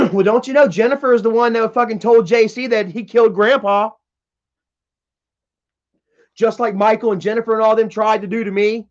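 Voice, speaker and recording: Streaming from home, a high-voiced man reads chat messages aloud in a heated, profane, casual rant. He speaks at a moderate pace with fairly even intonation and frequent pauses, and the audio is dull and lo-fi, typical of a livestream.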